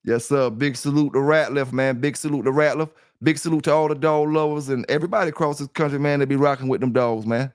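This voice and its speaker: A man's voice: mid-range voice, steady tone, fast talker, few pauses, clear, resonant tone, no echo, clean studio sound. A middle-aged man hosting a livestream in casual chat, rambling and repeating himself as he talks straight to his listeners. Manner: rambling and repetitive, addressing listeners directly. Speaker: livestream host.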